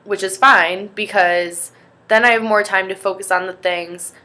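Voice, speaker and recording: A woman's voice: mid-range voice, fairly even intonation, a little slow, pushed and bright. A young woman vlogging in a rambling, chatty way, easily sidetracked. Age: young adult. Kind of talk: casual vlog chat.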